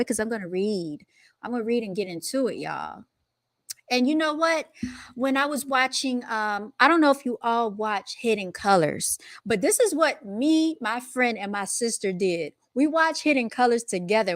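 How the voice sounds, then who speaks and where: A woman's voice: medium pitch, a bit bright, no room sound, clean studio sound. A woman host giving casual commentary over her own recording, teasing herself and laughing often. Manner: self-mocking, laughs often.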